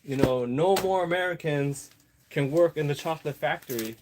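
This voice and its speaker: Guy doing huffy german chocolate makers, outraged and complaining, voice pitched up a bit higher than his own. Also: moderate pace, background noise, close to an everyday voice. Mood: indignant.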